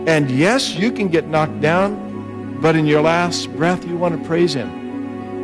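A man preaching an earnest, encouraging sermon with slow, steady emphasis. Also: fairly high pitch. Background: music.

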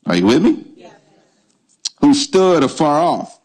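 A man's voice: a little high, very animated, a little slow, a little mellow, slightly rough. Guy preaching a sermon, emphatic, keeps repeating himself and asking the crowd stuff. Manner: emphatic preaching with call-and-response questions; repeats words and phrases for stress. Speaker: pastor.

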